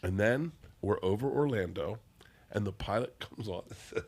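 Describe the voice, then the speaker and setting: A man's voice: lowish voice, expressive, moderate pace, husky. A middle-aged man, a comedian guest, telling a wild story in casual chat, profane and rowdy, acting out the people he quotes.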